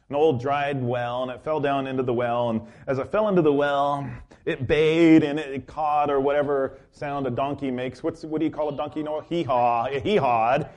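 A man's voice: a little high, darkish tone. A man preaching a sermon as pastor, telling a story with many fillers and restarts.

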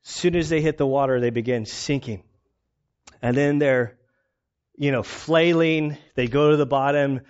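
A male pastor preaching in a casual, storytelling way, animated and self-mocking, often laughing. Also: medium pitch, normal speed, smooth. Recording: dull lo-fi recording.

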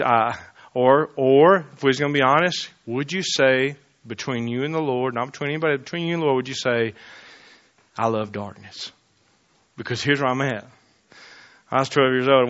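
Fervent bright-voiced preacher. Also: male voice, mid-range voice, a little fast, muffled recording. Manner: swings between loud fervent preaching and quiet confiding asides. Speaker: pastor. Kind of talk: sermon.

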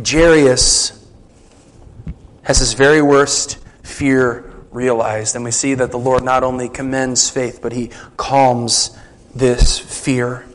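A man's voice: mid-range voice, little pitch movement, slow pace, poor audio. A man preaching a sermon as a pastor, conversational, asking the congregation rhetorical questions.

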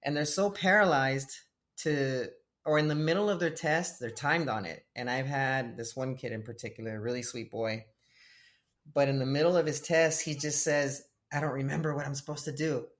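A man who coaches tennis, chatting casually about faith and telling lively stories with acted-out voices. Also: mid-range voice, normal speed. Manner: animated storytelling, acts out voices of kids and God. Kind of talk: casual faith-based conversation.

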